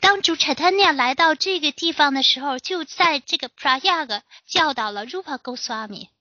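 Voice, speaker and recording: A woman interprets a lecture in short phrases, pausing on fillers as she goes. Her voice is high and bright. The sound is dry and dull. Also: animated, dry recording. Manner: fillers and pauses between phrases. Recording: dry, lo-fi recording.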